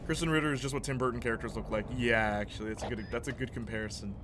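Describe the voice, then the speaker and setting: A man's voice: mid-range voice, fairly even intonation, racing, noisy background. A young man streaming a video game, rambling casually and answering chat, laughing often. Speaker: gaming streamer. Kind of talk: casual chat while playing. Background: game music.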